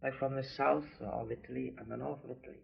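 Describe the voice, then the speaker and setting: A man, a guest on a radio interview, speaking in a halting way with many restarts. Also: mid-range voice, fairly even intonation, creaky. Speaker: interview guest, singer's husband. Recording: dull lo-fi 1970s radio recording.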